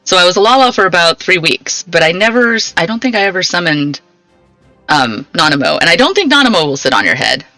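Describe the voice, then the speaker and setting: A woman's voice: on the low side, very animated, a little fast, bright, forceful tone, no room sound. A young woman live-streaming a game, chatting with her viewers and laughing often. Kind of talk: casual live-stream chat while gaming. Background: game music.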